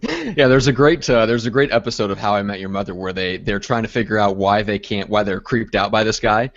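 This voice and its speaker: A man co-hosting a casual chat, telling relaxed, rambling anecdotes. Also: lowish voice, fairly quick, no echo. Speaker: podcast co-host. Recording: slightly dull lo-fi sound.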